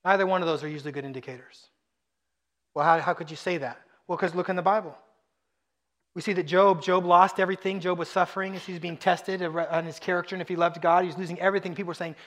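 Male pastor, high voice, animated sermon delivery with loud emphatic peaks. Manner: animated, rising to near-shouts for emphasis.

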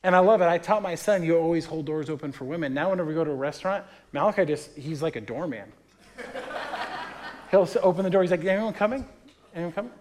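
A man's voice: on the high side, racing, few pauses, darkish tone. A man in his thirties, a pastor, preaching a sermon in a conversational, storytelling way, acting out the people he quotes.

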